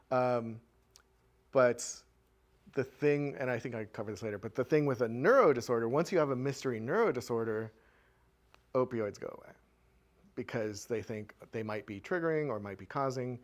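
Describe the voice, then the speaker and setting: A man presenting at a community show-and-tell, telling a candid personal story to a live audience in a conversational way with frequent filler words. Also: mid-range voice.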